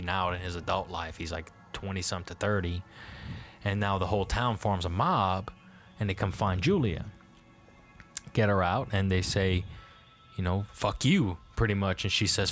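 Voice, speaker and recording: Low-voiced man telling a local legend. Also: fairly bright tone. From Louisiana. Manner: rambling, profane, many restarts. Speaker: guest historian. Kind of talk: casual storytelling.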